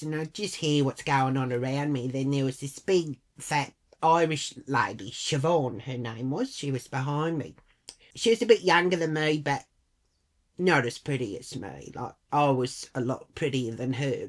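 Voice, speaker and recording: A woman telling a rambling, sweary storytime vlog. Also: sits low. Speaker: vlogger.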